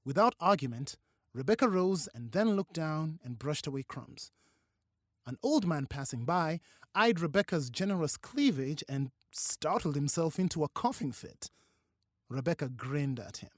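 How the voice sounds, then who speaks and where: A narrator reading a novel aloud with expressive, varied delivery. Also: mid-range voice, moderate pace, no room sound, clean studio sound. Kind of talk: audiobook narration.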